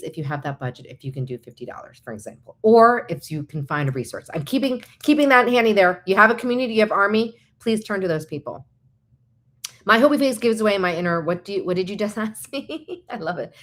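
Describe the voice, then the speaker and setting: A woman vlogger giving casual, encouraging and practical advice, chatty with quick asides. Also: medium pitch, expressive. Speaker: vlogger host.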